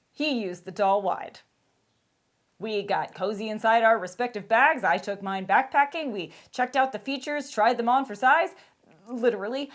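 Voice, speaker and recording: A woman narrating a scripted outdoor gear review in a candid, wry, emphatic way. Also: medium pitch.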